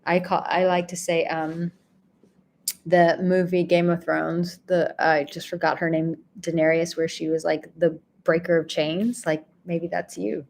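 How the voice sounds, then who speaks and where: A woman hosting a live stream, reading out viewers' comments and thanking them in a gentle, effusive way. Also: fairly low pitch, level tone, measured pace, gravelly, a little hiss or hum. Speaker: livestream host and relationship coach.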